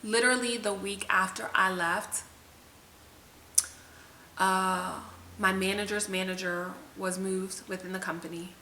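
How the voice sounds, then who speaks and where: A woman's voice: medium pitch, fairly even intonation, a little slow, pauses often, bright, forceful tone. A woman vlogger telling a personal story to the camera in a candid, emotional, conversational way. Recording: echoey room with faint hiss.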